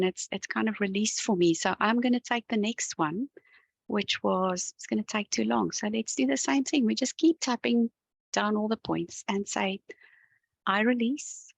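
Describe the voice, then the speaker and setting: Calm gravelly-voiced woman tapping coach. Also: medium pitch, no room sound, poor audio. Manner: gentle, calm, talks the viewer through each step. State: yawning and sighing as she relaxes. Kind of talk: guided tapping session to camera.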